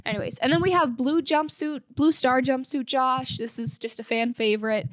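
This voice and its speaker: A young woman hosts a fan podcast in a bright, fairly high voice, chatting casually with an upbeat, filler-heavy flow. Her sound is dry and close, with little room around it. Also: fairly even intonation, normal speed, no echo. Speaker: podcast host.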